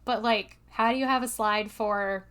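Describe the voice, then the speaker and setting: A young woman co-hosting a casual podcast, chatty and quick to laugh, with lots of fillers as she walks through her slides. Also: medium pitch, fairly even intonation, a bit bright. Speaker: podcast co-host presenting slides. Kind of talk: casual chat.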